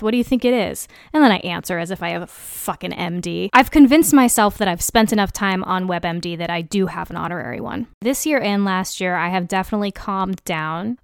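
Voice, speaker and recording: A woman's voice: medium pitch, clear, resonant tone, no room sound, clean studio sound. A young adult woman hosting a solo podcast in a candid, self-deprecating style, acting out the dialogue she quotes. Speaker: podcast host. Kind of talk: casual solo podcast monologue.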